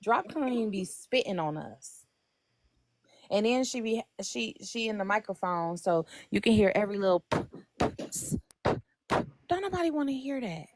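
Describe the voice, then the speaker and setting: A woman's voice: mid-range voice, moderate pace, no room sound. Woman teasing her friends on a live, voice jumps all over, dry sound. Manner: teasing, animated. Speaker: live chat guest. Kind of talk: casual gossip chat.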